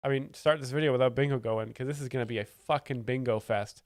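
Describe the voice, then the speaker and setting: A man's voice: mid-range voice, steady tone, a little fast, smooth, no echo, clean studio sound. A man hosting a live stream, explaining stand-up jokes in a sarcastic, mock-expert tone. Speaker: comedy stream host. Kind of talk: casual live-stream commentary.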